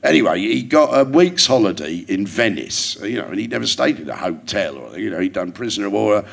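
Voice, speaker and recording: A man's voice: fairly low pitch, big pitch swings, a little fast, creaky. An older man, a guest comedian telling rambling, wry anecdotes in casual chat.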